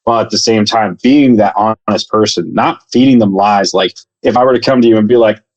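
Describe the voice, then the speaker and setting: A man co-hosting a podcast in casual chat, measured and reflective, giving advice. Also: lowish voice, darkish tone, lo-fi sound. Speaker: podcast co-host.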